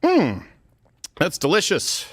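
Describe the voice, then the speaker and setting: A man's voice: sits high, wildly swooping pitch, slow pace, husky, no echo. A man hosting a comedic political talk show, bantering loosely with many fillers, in a studio with headphones. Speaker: host. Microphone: studio headphones and mic.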